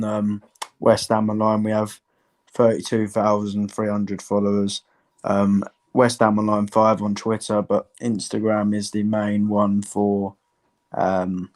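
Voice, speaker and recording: A man who runs a fan page speaks as a guest, measured and hesitant, with frequent ums. His voice is low and stays flat, with little rise or fall. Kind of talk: casual chat.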